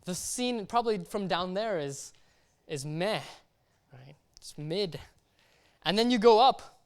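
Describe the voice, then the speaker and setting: A young man giving a casual sermon at a church service. He talks in a relaxed, slangy way and keeps checking in with the congregation. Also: sits high, slow, clear, resonant tone. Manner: chatty, keeps checking in with "right?" and "okay?". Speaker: lay preacher.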